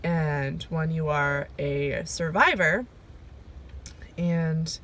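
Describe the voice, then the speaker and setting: A woman recording a personal video diary, talking reflectively and emotionally, pausing often with fillers as she goes. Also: low-pitched, fairly bright tone. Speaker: vlogger. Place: sitting in her car. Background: rain.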